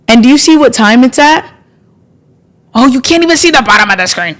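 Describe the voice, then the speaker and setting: A young adult woman hosts a stock trading livestream, talking casually and playfully, with sudden bursts of excitement as she thanks subscribers. Her voice is high and a little fast, with frequent pauses.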